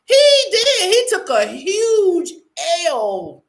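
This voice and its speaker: Playful, slow-talking woman. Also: very high-pitched, big pitch swings. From United States. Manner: playful, laughing, drawn-out dramatic delivery. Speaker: online show host. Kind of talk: casual news commentary.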